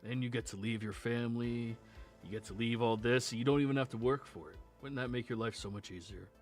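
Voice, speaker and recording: A man voicing a sly, scheming male combat trainer who mocks and bribes in a low, half-whispered tone. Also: steady tone, a little fast, soft background music, lightly acted.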